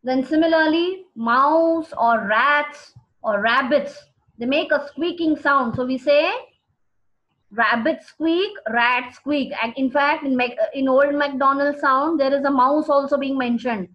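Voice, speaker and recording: Brief: woman teaching a class, high voice, patient repetition, dull lo-fi sound. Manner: slow, repeating key words for students. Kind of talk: classroom vocabulary lesson. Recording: dull lo-fi recording.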